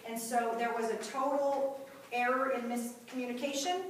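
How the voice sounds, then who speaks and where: A woman tells her personal story to a gathered group, full of drama and acting out the voices of the people in it. Her voice sits a little high and reaches the mic from across a very echoey room, with a faint murmur of room noise behind her. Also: fairly even intonation, moderate pace, recorded from a distance. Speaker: guest speaker at a mothers' group.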